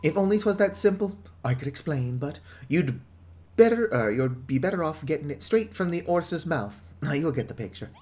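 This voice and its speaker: A man's voice: fairly high pitch, animated, moderate pace, darkish tone, natural voice. A man voicing a chatty, gloomy older woman who runs a pub, in a put-on British accent with theatrical reading. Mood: grumbling.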